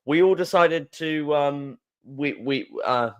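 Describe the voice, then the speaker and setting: Excitable man, higher voice. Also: slow. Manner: excitable, laughs often, many restarts. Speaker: podcast co-host. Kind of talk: casual storytelling chat.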